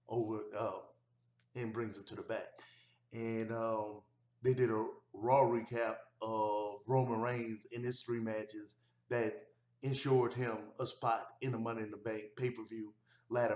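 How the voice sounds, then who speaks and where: A man's voice: fairly low pitch, level tone, normal speed, a little mellow. A man giving a casual, rambling recap of a wrestling show, with easygoing delivery and frequent fillers. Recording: roomy echo.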